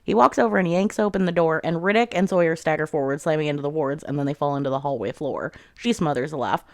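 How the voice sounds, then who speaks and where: Speaking quickly in a low voice, a woman who reviews books chats casually through a fantasy novel's plot, cursing freely. She relays the characters' lines using "she's like." The audio is dry and studio-grade.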